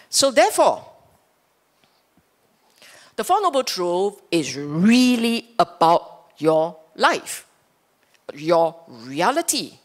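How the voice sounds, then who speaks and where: A woman with a Singaporean English accent giving a playful, teasing Dhamma talk as a Buddhist teacher, often checking in with her listeners. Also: medium pitch. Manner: playful, teasing, asks the audience for agreement. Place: temple hall.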